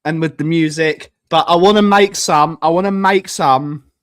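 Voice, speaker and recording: A man's voice: a little high, steady tone, normal speed, fairly bright tone. A man hosting a casual live stream, rambling and joking and repeating himself as he clicks through things on screen. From United Kingdom.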